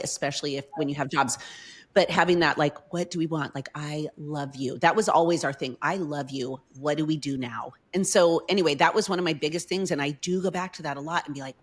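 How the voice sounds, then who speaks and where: A woman's voice: low-pitched, husky. A middle-aged woman as a podcast guest, telling a personal story in casual chat with heartfelt emotion.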